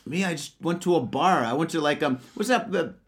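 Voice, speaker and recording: A man's voice: a little high, a little fast. A man co-hosting a podcast, chatting loosely over drinks with lots of swearing and rambling asides. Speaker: podcast co-host. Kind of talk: casual drinking chat. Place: Japan.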